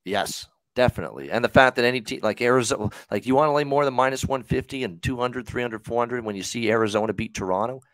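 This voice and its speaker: A man's voice: medium pitch, fast talker, few pauses, fairly bright tone, no room sound. A man hosting a hockey betting show, talking casually with lots of fillers and the odd swear word. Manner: rambling, profane, filler-heavy.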